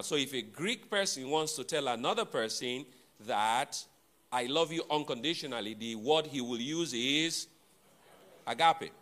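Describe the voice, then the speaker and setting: A man preaching a sermon to his congregation, teaching deliberately, repeating and spelling out key words, with playful asides to the listeners. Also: medium pitch, pushed and bright. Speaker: pastor.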